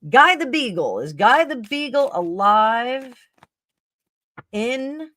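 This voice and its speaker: A woman's voice: a little high, very animated, slow pace, sharp tone, no room sound. A middle-aged woman hosting a live tarot stream, chatting casually and rambling with fillers and self-corrections.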